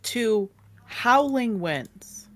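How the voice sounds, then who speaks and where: A woman narrating a tabletop game as game master, telling the scene in an animated storytelling way. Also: on the high side, drawn-out words. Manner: animated storyteller, hums while cueing music. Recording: faint background music.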